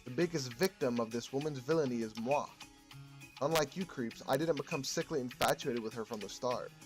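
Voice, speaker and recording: A man voicing a loud, theatrical woman who accuses a rival with brash, showy talk. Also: medium pitch, a little fast, lightly acted. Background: game music.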